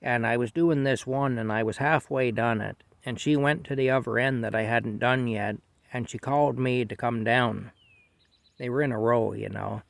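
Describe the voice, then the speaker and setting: Gravelly middle-aged man telling a story. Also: medium pitch, moderate pace, dry recording. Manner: rambling, self-deprecating, restarts often. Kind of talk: casual spoken storytelling.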